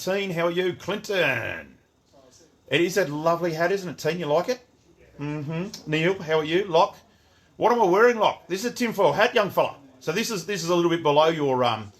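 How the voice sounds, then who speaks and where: Middle-aged Aussie man, shop owner doing a livestream rant; mid-pitched, rambling, keeps breaking off to greet viewers. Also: a bit bright. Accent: Australian. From Western Australia. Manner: chatty, greets viewers by name, rambling restarts.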